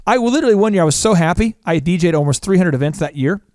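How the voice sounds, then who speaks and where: A middle-aged man from Oklahoma hosting a podcast, telling stories in an animated, self-mocking way. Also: high-pitched, racing, no echo, studio quality. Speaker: podcast host. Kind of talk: casual chat.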